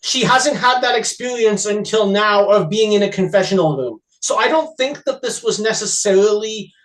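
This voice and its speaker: A man co-hosting a podcast, chatting casually and giving measured, thoughtful commentary. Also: high voice, a bit bright, rough recording. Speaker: podcast co-host. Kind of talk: casual chat.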